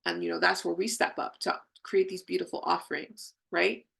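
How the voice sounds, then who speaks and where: A woman hosts a live spiritual healing session and speaks straight to the people in her chat. Her voice sits low and has a lot of gravelly fry, with a bright, forward edge. She talks in an effusive, affirming way. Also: level tone, moderate pace.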